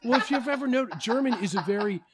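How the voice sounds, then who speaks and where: A man co-hosting a casual podcast, teasing the others with loud, profane banter. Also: very high-pitched, lively intonation, fast, heavy background noise. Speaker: podcast co-host. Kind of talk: casual chat.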